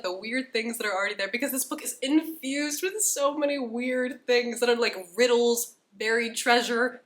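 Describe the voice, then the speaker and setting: A woman's voice: fairly high pitch, fairly bright tone. A young woman with a stuffy, congested voice, rambling and gushing in a casual book review vlog. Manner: rambling, gushing, self-deprecating. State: congested with a cold. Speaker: book vlogger.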